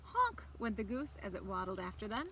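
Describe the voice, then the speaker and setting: A librarian reading a picture book aloud to children, expressive and animated. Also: female voice, mid-range voice, fast talker, a little hiss or hum. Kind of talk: children's story time read-aloud.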